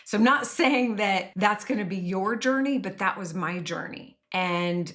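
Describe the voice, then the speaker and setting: A woman in her forties speaks as a wellness coach, earnest and emphatic. She often repeats her key phrases for weight. Her voice sits at an ordinary middle pitch. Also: measured pace, fairly bright tone. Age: 40s. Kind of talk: motivational talk.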